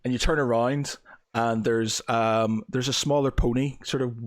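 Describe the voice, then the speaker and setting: Halting man running a tabletop game. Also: medium pitch, steady tone. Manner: halting, full of fillers and restarts. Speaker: dungeon master.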